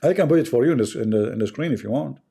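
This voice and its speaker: Man, mocking and mellow. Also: mid-range voice, expressive, very fast, vocal fry, breathy edge. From Arab world. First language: Arabic. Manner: sarcastic, repetitive, chuckling asides. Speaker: livestream host. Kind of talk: mocking livestream commentary.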